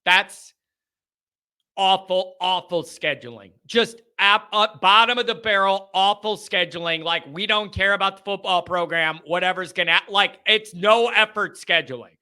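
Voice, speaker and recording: A man's voice: high-pitched, moderate pace, pushed and bright, clean tone. A man hosting a college football show, giving casual, emphatic commentary with a sarcastic edge.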